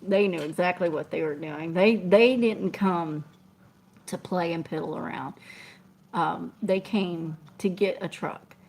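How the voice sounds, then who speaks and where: A woman's voice: on the low side, unhurried. A middle-aged woman, telling a story in casual chat and laughing often as she acts out what people said. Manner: animated, laughing often, acting out quotes. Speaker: truck driver and show host. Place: truck cab.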